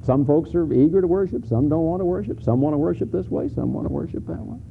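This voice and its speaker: This pastor, a middle-aged man, has a fairly high voice with vocal fry and a quick pace. Preaching in a church sanctuary, he keeps it candid and conversational, restarting clumsily at times and swelling to emphatic peaks. The audio sounds like a phone recording, lo-fi with a faint hiss.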